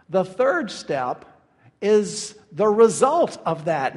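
A man's voice: high-pitched, big-room sound. A man preaching a sermon as pastor, earnest and building to emphatic peaks.

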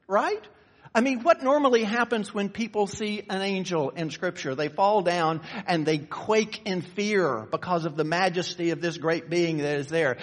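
A man with a high, light voice preaches a sermon. He swings from fervent, raised passages down to low, quiet asides. The sound carries a long reverb, as in a large hall.

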